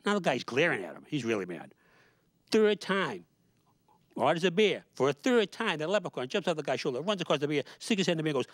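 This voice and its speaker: A man hosting a show, telling comic stories and jokes in an animated, exasperated way. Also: a little high, quick pace, dry recording. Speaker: host. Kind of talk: comic storytelling.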